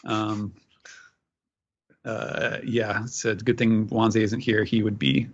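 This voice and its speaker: A man's voice: on the low side, flat delivery, slow. A man co-hosting a podcast, casually recapping a chapter in a rambling way full of filler words. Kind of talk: casual chat. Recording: slightly muffled lo-fi audio.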